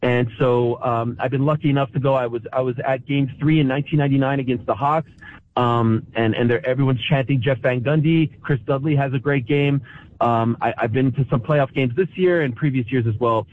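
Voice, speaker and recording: A man's voice: mid-range voice, steady tone, brisk. A man in his thirties from Montreal, talking about his team with emotion, often stumbling over his words, calling himself a pessimist. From Montreal, Canada. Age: 30s. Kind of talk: casual chat. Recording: tinny phone line.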